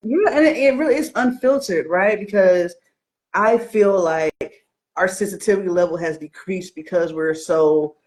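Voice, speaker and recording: A woman's voice: lowish voice, moderate pace, a little mellow. Bold, slangy woman in spiritual chat.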